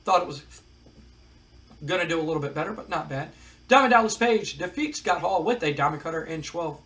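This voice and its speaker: A man's voice: on the high side, animated, brisk, a bit bright, low-quality recording. A man casually recapping a wrestling management game, reading out match scores with wry asides. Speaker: game commentator. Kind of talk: casual play-by-play of a wrestling sim.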